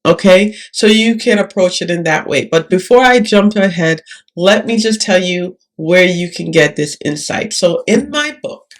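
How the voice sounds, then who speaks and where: A woman tutoring occupational therapists in a video lesson, speaking calmly and often checking in with "all right?". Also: on the low side, measured pace.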